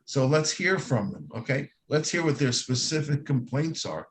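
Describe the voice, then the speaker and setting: A man's voice: mid-range voice, animated, moderate pace, a crowd in the background. A man on a community board committee asking blunt, pushing questions on a video call. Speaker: committee member. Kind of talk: meeting discussion.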